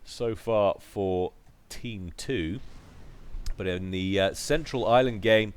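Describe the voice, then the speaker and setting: A man commentating a strategy match in a relaxed, chatty way. His voice sits a bit low, and he drops in joking asides between the calls. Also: takes it slowly, clean tone. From United Kingdom. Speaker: game commentator. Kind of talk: casual play-by-play commentary.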